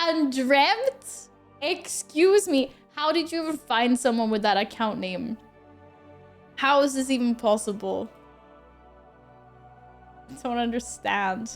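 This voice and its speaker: A high-pitched woman streaming a game, talking in an unhurried drawl that keeps tipping into giggles and sudden squeals as she thanks chat. Soft game music runs faintly underneath her voice. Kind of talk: casual live-stream chat.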